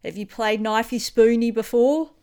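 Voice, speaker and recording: A woman's voice: on the high side, steady tone, normal speed, warm tone, smooth. Chatty Australian woman. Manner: enthusiastic, chatty. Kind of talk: casual chat.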